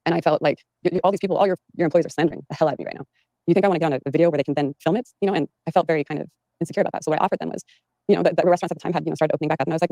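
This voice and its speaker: Female interview guest: fast, gravelly, rambling with many fillers and restarts. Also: low voice, warm tone, dry recording, low-quality recording. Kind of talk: recounting in an interview. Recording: played from an archived interview.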